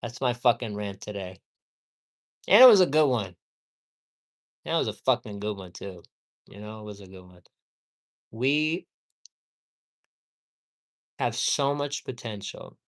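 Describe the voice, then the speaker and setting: A man's voice: fairly low pitch, unhurried, pauses often, a bit bright. A man ranting heatedly and profanely at home during a casual livestream, rambling and repeating himself for emphasis. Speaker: live streamer.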